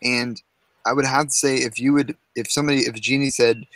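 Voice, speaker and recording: A man's voice: medium pitch, fairly even intonation, a little fast, fairly bright tone, dry recording, rough recording. A man in casual group talk, handing out blunt, profane advice and pushing his point hard.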